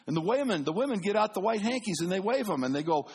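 Male pastor, husky tone, lively sermon storyteller who goes from quiet to loud. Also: fast talker, few pauses. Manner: animated, swings between booming and hushed.

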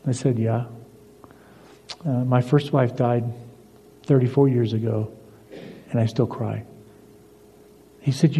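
An older man preaching a sermon as pastor, telling stories and moving between emphatic lines and soft, confiding ones. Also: mid-range voice, steady tone, moderate pace, pauses often, slightly rough. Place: church sanctuary. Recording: dull lo-fi recording in a reverberant church hall.

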